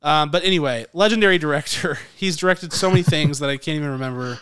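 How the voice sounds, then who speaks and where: Animated man ranting on a podcast. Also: on the high side, fast, smooth, no room sound, clean studio sound. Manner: animated, joking, rant-prone. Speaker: podcast co-host. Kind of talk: casual podcast chat.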